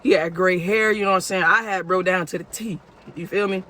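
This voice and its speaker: A man's voice: high voice, fairly even intonation, a little fast, pushed and bright. A man telling a casual story-time tale for his vlog in a slangy way, full of "you know what I'm saying.". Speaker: vlogger.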